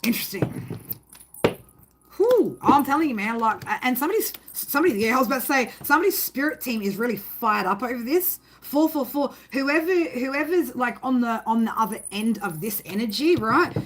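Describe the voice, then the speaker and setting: Fairly quick and rarely pausing, her voice is on the high side with lively intonation, and there's slight background noise. The woman, a tarot reader, rambles through a casual reading with emphasis, swears freely and keeps adding "right?" to the ends of sentences.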